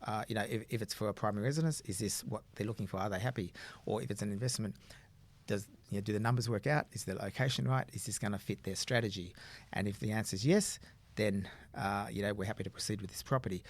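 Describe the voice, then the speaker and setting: Fast-talking buyer's agent, rambling. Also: male voice, fairly low pitch. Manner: rambling, explanatory, frequent "you know" fillers. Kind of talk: casual podcast chat.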